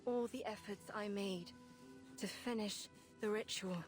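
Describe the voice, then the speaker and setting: An actress voicing a bitter, self-loathing young woman athlete in a video game, berating herself in a harsh, hushed inner voice over faint music. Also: medium pitch, fairly even intonation, unhurried, close to an everyday voice.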